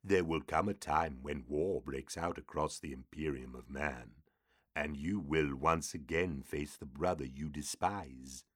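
Brief: male narrator doing a cryptic old two-headed demon oracle, deep low hiss, dry studio. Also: husky, no room sound, exaggerated voice. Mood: ominous. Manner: hissing, low and measured. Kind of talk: audiobook character voice.

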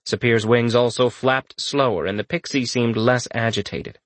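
A man narrating a fantasy audiobook in an expressive storytelling manner. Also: mid-range voice, unhurried, hardly any pauses, no room sound.

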